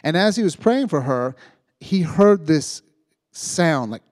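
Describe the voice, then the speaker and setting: A man preaching to young people, retelling a story with lively asides and checking in with "right?" as he goes. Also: on the high side, takes it slowly, no room sound, studio quality. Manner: animated retelling, acting out voices, frequent "right?". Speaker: youth preacher. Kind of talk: storytelling sermon.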